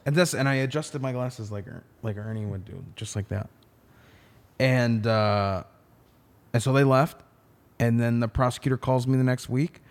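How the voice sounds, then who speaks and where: A man's voice: mid-range voice, moderate pace. A man who is a defense attorney, telling a story in a casual podcast chat with emphatic, profane language.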